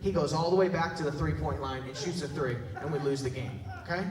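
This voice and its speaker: A pastor with a high voice preaches in a large church hall, and his words ring out with a long echo. He sounds animated and jokey, and he keeps checking in with the congregation. The mic is some distance from him. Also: fast talker. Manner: animated, jokey, talks to the crowd with tag questions. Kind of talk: sermon with storytelling.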